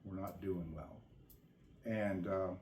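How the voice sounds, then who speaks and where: Slow, mellow-voiced man telling family history. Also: low-pitched, fairly even intonation, reverberant, slight background noise. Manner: unhurried, thinking aloud with ums. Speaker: family member recounting history. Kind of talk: casual family storytelling.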